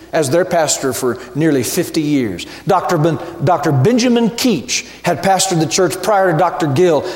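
A man preaching a sermon as pastor, slow and emphatic, building to ringing repeated refrains. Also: high-pitched, reverberant, in a large hall.

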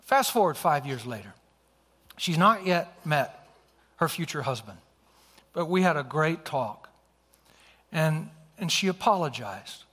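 A man's voice: fairly high pitch, big pitch swings, a little slow, pauses often, a bit bright, husky. A middle-aged male preacher telling a personal story in a sermon, earnest and acting out the dialogue. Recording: long hall reverb.

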